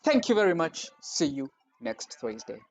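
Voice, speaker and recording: A man's voice: fairly high pitch, big pitch swings, normal speed. A Kenyan man co-hosting a show over a video call, playful, laughing often and mixing in Swahili. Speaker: co-host. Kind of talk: casual chat.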